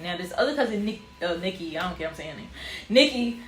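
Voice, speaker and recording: A woman's voice: medium pitch, quick pace. Young woman telling a story, echoey room. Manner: animated storyteller with casual slang, acting out others' voices. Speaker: vlogger. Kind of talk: storytime vlog. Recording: roomy echo with faint ambient noise.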